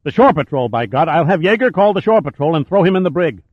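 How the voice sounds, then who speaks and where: A furious, blustering naval officer, as a male narrator puts him on, shouting out in a much higher, strained voice. The sound is tinny and phone-like, and the recording is completely dry. It is an explosive audiobook character voice. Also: big pitch swings, fast talker, breathy edge, dry recording. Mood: enraged.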